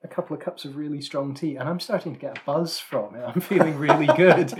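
A man's voice: on the high side, animated, moderate pace, a crowd in the background. A man co-hosting a podcast in casual chat, talkative and self-deprecating, with frequent restarts and fillers. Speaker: podcast co-host.

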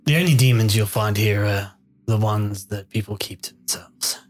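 A man playing a tabletop game in character, calm and a bit hesitant. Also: lowish voice, normal speed, soft background music. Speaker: player.

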